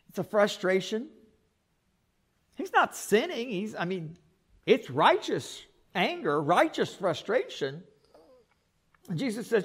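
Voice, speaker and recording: A male pastor preaching a sermon in an animated way, repeating words and adding joking asides. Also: sits high, takes it slowly, long pauses, husky.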